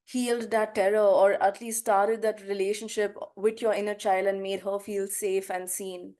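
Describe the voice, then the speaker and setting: A woman's voice: medium pitch, little pitch movement, moderate pace, a little mellow. A woman hosting a podcast interview, affirming and effusive as she asks questions. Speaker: podcast host.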